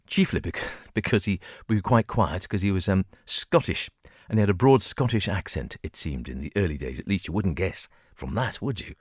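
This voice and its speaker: A chatty, digressive male radio host with a lowish voice that rises and falls a lot. He chuckles now and then, and the studio sound is close and dry. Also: expressive, normal speed, breathy edge, no room sound. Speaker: radio presenter. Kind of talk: casual music-show chat.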